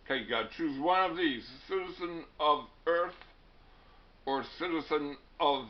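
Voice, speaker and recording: A man's voice: on the high side, normal speed, dull audio. A male teacher giving a classroom lecture in a wry, digressive way, often stumbling and restarting words.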